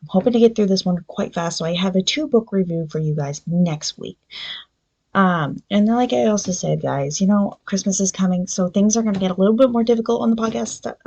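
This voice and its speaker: A woman's voice: mid-range voice, creaky, darkish tone, dull audio. A woman hosting a book review podcast, chatting loosely with many ums and briefly acting out characters' lines. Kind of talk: casual solo book review.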